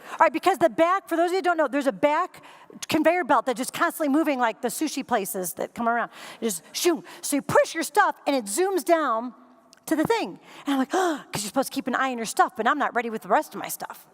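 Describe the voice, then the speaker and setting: A woman giving a keynote speech, telling a funny story in an animated way and acting out scenes and quotes for a live audience. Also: high-pitched, fast. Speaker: keynote speaker. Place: conference stage before a live audience.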